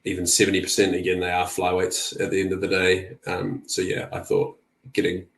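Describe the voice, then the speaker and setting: A man who is a guest on a casual betting podcast, talking through his picks in a relaxed way that is full of "um" and "like.". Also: sits low, a little fast, creaky, roomy sound. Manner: relaxed, lots of "um" and "like".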